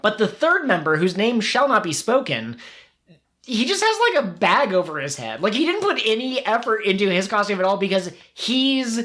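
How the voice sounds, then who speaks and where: A man's voice: sits high, big pitch swings, moderate pace, pushed and bright. A man co-hosting a podcast in casual chat, wry and joking, often agreeing with his partner. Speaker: podcast co-host.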